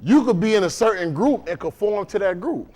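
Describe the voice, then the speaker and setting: A man's voice: high voice, expressive, brisk, warm tone. A man from preaching a sermon to a congregation in a loose, conversational way, often checking in with questions. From Dade County, Florida. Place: congregation room.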